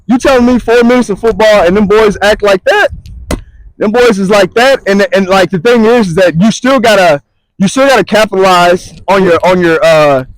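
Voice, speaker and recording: A man's voice: high-pitched, moderate pace, dry recording, low-quality recording. A man co-hosting casual sports talk, emphatic and slangy, often repeating himself. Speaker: sports podcast co-host.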